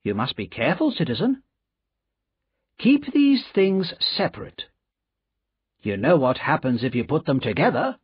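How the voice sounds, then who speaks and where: A wary male shopkeeper from a storybook, voice raised high as he cautions, played by a man. The recording is a little dull and dry. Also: very animated, measured pace, long pauses, breathy edge, no room sound, full character voice. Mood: warning.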